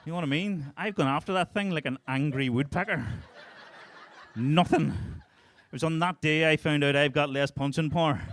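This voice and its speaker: Performing stand-up at a club, a Northern Irish man in his thirties delivers crude tales in a thick accent, chuckling through his punchlines. His voice is a little high and somewhat bright, at a normal speed.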